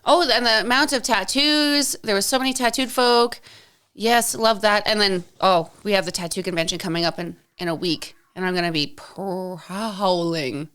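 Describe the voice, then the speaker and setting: A woman's voice: medium pitch, normal speed, a bit bright, smooth. A woman co-hosting a podcast, chatting casually with wry, self-deprecating stories and plenty of swearing. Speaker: podcast co-host. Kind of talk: casual chat.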